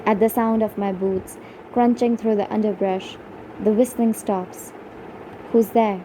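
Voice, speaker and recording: A woman reading a first-person audiobook in a hushed, suspenseful storytelling manner. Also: mid-range voice, fairly even intonation, a little slow, slight background noise, low-quality recording. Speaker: audiobook narrator.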